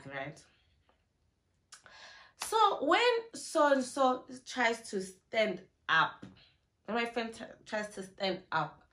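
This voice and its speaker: A young South African woman telling a story in a casual, animated way, acting out what people said. She records on her phone. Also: a little high, takes it slowly. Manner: animated, acts out what people said, mixes in isiZulu slang. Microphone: phone camera.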